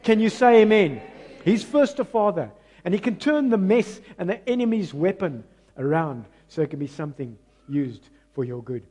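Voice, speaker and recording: A man with a South African accent preaching a lively, emphatic sermon to his church. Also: sits high, normal speed. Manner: animated, rising to emphatic bursts. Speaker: pastor. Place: church hall. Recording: long church hall reverb.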